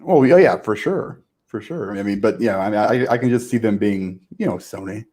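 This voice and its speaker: A man co-hosting a podcast, talking in an easygoing, agreeable way in quick back-and-forth. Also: fairly low pitch, darkish tone, husky. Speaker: podcast co-host. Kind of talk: casual podcast chat.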